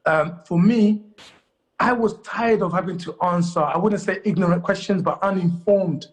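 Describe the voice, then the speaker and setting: A man from Congo, a comedian and guest in a studio interview, telling anecdotes in a lively way. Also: sits high, moderate pace.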